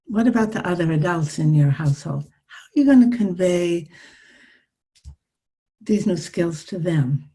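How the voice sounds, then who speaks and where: An older woman psychologist teaching a live online workshop over a video call, with a calm, soothing coaching manner. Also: fairly low pitch, a little slow, pauses often.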